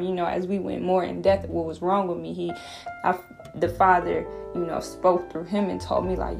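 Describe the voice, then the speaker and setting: A woman's voice: fairly low pitch, steady tone, moderate pace, creaky, faint music behind. A woman giving a casual devotional talk, earnest and rambling, restarting her sentences as she shares a personal testimony. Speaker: faith vlogger sharing a personal testimony.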